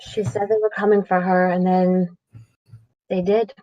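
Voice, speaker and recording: A woman's voice: lowish voice, level tone, measured pace, dark tone, no room sound. A woman playing a tabletop game, matter-of-fact. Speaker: player. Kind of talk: casual tabletop play. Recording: dull lo-fi mic, dry.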